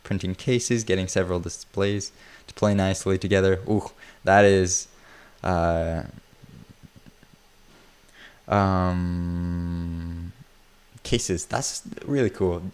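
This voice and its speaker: A man chats casually on a livestream while working on a build, rambling and poking fun at himself. His voice sits low and a little mellow, and he chuckles often.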